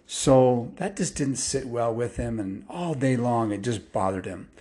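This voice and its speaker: A man's voice: medium pitch, measured pace, dark tone. A man telling a story casually, rambling and stringing clauses together with "and" and "well.".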